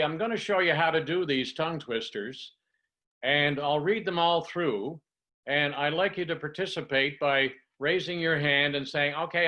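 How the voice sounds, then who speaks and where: An older man with a fairly high, sharp-toned voice coaches a workshop group over a video call. As a communication coach teaching online, he demonstrates tongue twisters in a single breath and explains each one like a story.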